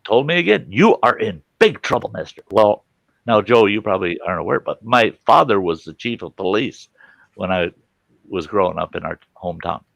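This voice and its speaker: Host, male, gravelly low voice, animated storyteller who does the family voices, dry close sound. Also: dry recording. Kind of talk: casual storytelling.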